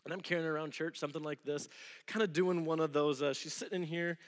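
Male pastor, 30s, fairly high voice, lively sermon storyteller, reverberant church. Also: fast talker. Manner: animated storytelling, acting out quoted voices. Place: church sanctuary. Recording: long hall reverb.

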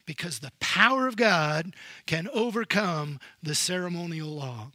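Brief: male preacher, high and bright, slow, dramatic sermon delivery. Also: no echo. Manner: animated storytelling, swings from loud emphasis to hushed. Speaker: pastor.

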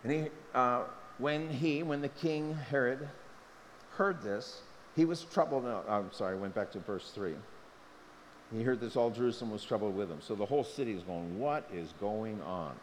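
A man preaching a sermon as pastor, impassioned, his pitch leaping up when he presses a point. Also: moderate pace. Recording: long hall reverb, faint noise.

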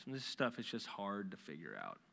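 Forceful pastor in a reverberant hall. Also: male voice, fairly low pitch, fairly quick, creaky. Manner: casual and animated, slangy asides. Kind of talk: sermon. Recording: long reverb in a large hall.

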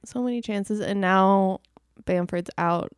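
A woman co-hosting a casual podcast chat, wry and quick to laugh. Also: mid-range voice, clear, resonant tone, dry recording. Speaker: podcast co-host.

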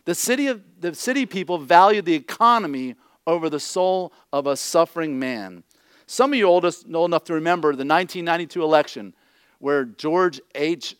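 A man's voice: a little high, clean tone, no room sound, clean studio sound. A middle-aged man preaching a conversational sermon, blunt and joking, often checking in with his listeners. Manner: blunt, joking asides, repeats "okay?". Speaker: pastor.

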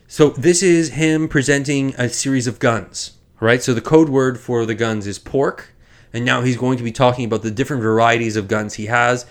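A man's voice: mid-range voice, normal speed. Chatty male podcast host. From Quebec. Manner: chatty, self-correcting, with many restarts and asides. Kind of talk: casual chat recapping a film.

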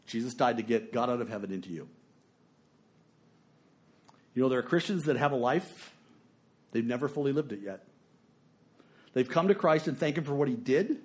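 A middle-aged man preaching a sermon, telling a story and swinging between hushed and emphatic delivery. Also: mid-range voice.

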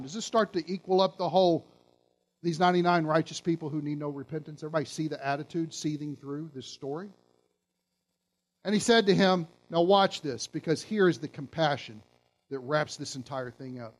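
A man's voice: a little high, brisk. A male pastor giving a sermon, emphatic and asking his listeners questions.

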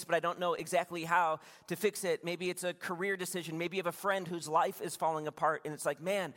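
Youngish guy pastor preaching, chatty and confiding, slightly high voice, long echo off a big room. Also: a bit bright. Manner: conversational, confiding, with restarts and asides to the congregation. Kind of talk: sermon storytelling. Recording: long reverb from a large room.

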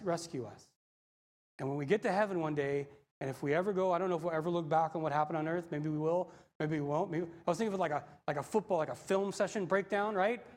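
A male pastor preaching a sermon, animated and acting out the voices in the story. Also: a little high. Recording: long hall reverb.

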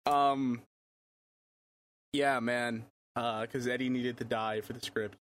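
A man's voice: mid-range voice, fairly even intonation, slow pace, fairly bright tone, slight background noise. Jokey man in casual podcast chat. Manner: jokey, absurd humor, swears. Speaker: podcast co-host.

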